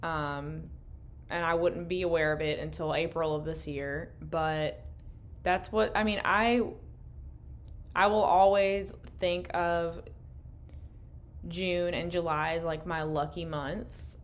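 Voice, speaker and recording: Young woman, podcast co-host, lowish voice, candid rambling chat, swears freely, slightly worn voice. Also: fairly even intonation, takes it slowly, pauses often, a little hiss or hum. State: losing her voice. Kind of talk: casual late-night chat. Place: indoor room, in person.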